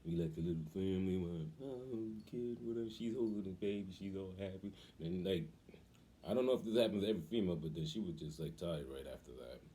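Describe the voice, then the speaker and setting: A man casually telling a story on his vlog, animated and acting out the voices of people in it. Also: low-pitched, fast, a little hiss or hum. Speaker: cooking vlogger.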